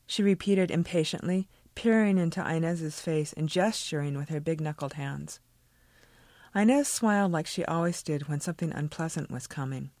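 A woman, the author, reading a passage from her own novel in a measured, expressive way. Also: low voice, no echo.

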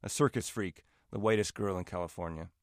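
A man, the author, giving a wry, measured reading of his own fiction. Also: low voice, no echo, studio quality. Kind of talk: literary reading.

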